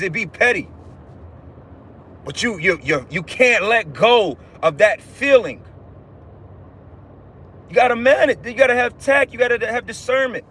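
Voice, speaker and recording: This is a man running a casual preaching livestream from inside his car. His voice sits high for a man. He talks bluntly and swears freely, stumbling over the starts of his sentences as he lectures. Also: lively intonation, moderate pace, long pauses, a bit bright, a little hiss or hum. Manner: blunt, profane, repetitive restarts. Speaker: livestream host giving religious teaching.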